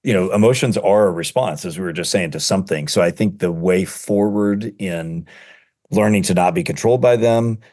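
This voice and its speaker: A middle-aged man with a very low voice talks in an interview as a guest author. He rushes through thoughts in quick bursts, padding them with fillers and restarting sentences as he goes. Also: darkish tone. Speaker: seminary professor. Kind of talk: conversational interview.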